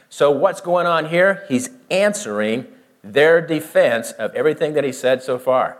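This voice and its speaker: Working through the Bible verse by verse, a man explains things slowly, poses questions to his listeners, and acts out both sides of the argument. His voice sits in the mid-range and sounds animated.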